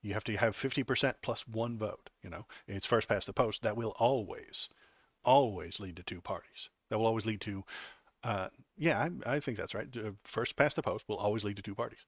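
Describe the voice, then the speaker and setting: A man's voice: on the low side, fairly bright tone, no echo. A male political live streamer giving casual, rambling, sarcastic commentary into a desk mic while wearing headphones. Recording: dull dry home stream audio.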